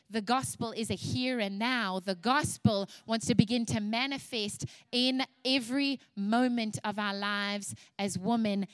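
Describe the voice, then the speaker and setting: A woman's voice: mid-range voice, dry recording. A woman preaching a sermon to women with passionate, emphatic repetition.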